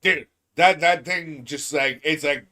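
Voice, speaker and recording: Man, casual gaming co-host, giggly and excitable, stumbles over his words. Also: fairly high pitch, unhurried. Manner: laughs often, stammers and restarts, gets loud when excited. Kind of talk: casual chat.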